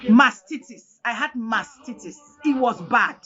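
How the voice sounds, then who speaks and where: A woman from Cameroon with a Cameroonian English accent, giving an emotional personal testimony in a dramatic, animated way, often near tears. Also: on the high side, unhurried. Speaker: guest telling her story. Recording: dull lo-fi audio with faint music.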